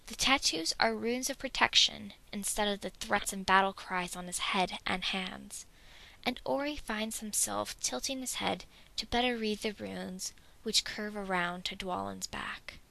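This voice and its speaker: Bright-toned woman narrating a story. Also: medium pitch, a little slow, gravelly, low-quality recording. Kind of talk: reading fan fiction aloud.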